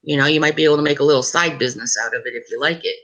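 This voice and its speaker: A woman's voice: deep voice, very fast, a bit bright, rough recording. A woman hosting a casual live stream, chatty and encouraging, with a voice that drifts between a Southern US and a Canadian accent. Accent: mix of Southern US and Canadian. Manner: chatty, encouraging, laughs easily. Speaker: livestream host.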